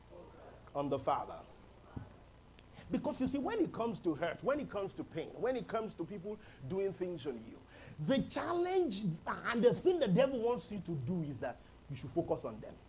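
A man's voice: high voice, darkish tone, a little hiss or hum, rough recording. A man preaching a humorous sermon as pastor, calling on the congregation to respond. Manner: humorous, chuckles often, calls for congregation responses. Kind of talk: lively sermon.

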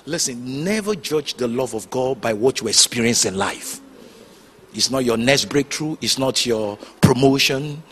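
A man preaching a sermon, telling stories with sudden shouts and hushed asides. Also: mid-range voice, lively intonation, measured pace, slight background noise. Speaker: pastor.

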